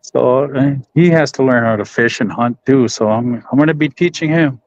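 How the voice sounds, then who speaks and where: A middle-aged man, a professional boxer, answers interview questions in a relaxed, halting way with frequent restarts. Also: medium pitch. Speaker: professional boxer, podcast guest. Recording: dull, dry audio.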